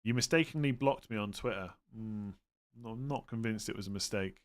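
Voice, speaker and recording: A man hosting a live stream, chatting casually and thinking aloud as he answers viewers' questions. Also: lowish voice. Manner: relaxed, thinks aloud with fillers and quick verdicts. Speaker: livestream host answering fantasy football questions.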